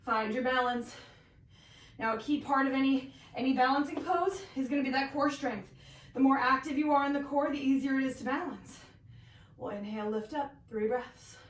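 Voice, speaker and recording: Slightly high-voiced, a woman instructs a yoga session, cueing poses and breaths encouragingly as she follows along, somewhat short of breath. There's slight background noise, a roomy echo, and she sounds distant from the mic.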